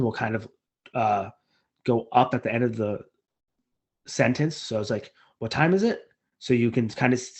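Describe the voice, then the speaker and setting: A man, a physician, giving casual spoken advice from a list, talking in a relaxed, conversational way with frequent ums and uhs. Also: medium pitch.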